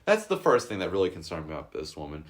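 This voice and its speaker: A young man chats on a podcast in a lowish voice that leaps around lively. He tells loose, profane stories and breaks into laughter often. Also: quick pace. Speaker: podcast co-host. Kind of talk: casual chat.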